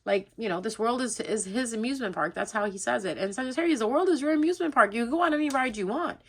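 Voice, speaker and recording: Woman reading tarot cards, chatty and rambling, slightly high voice, casual. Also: fast talker, a bit bright, breathy edge. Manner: chatty, rambling, laughs often, open-minded asides. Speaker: tarot reader.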